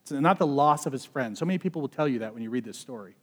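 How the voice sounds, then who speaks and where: A man preaching a conversational sermon. He swings between loud emphasis and hushed intensity and often says "like". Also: mid-range voice, lively intonation, very fast. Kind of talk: expository sermon.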